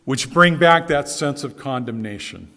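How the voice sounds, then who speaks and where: Male pastor, mid-pitched, earnest emphatic sermon delivery, long church reverb. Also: expressive, unhurried, pushed and bright. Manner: earnest, emphatic preaching with repeated key phrases. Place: church sanctuary.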